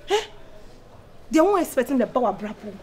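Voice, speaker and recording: A woman with a fairly high voice talks in a casual, insistent way. She pushes her point hard and gets louder as she presses. A faint hiss of noise sits behind her. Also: sing-song, quick pace. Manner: insistent and pushy, voice climbing loud. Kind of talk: casual chat mixing pidgin and Twi.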